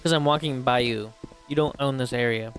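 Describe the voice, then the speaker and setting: A man's voice: medium pitch, fairly even intonation, brisk, fairly bright tone. A young man hosting a casual let's play, chatty and teasing, reading game dialogue aloud as he plays. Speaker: gaming host. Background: faint game music.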